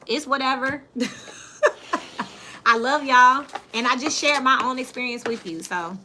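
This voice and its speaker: A woman reads tarot in a loose, chatty monologue, blunt and plain-spoken as she talks straight to her viewers. Her voice is bright and forward, with a faint hiss behind it. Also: high voice, unhurried. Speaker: tarot reader. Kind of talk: casual tarot reading monologue.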